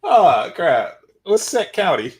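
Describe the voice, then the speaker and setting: A man's voice: sits high, sing-song, slow pace. A man hosting a reaction commentary, sarcastic and mocking. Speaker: commentary channel host.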